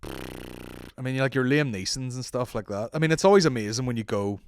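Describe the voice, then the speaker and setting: A man's voice: medium pitch, fairly quick, smooth, no room sound. An Irish man hosting a solo podcast, joking and swearing, and slipping into mock accents. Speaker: podcast host.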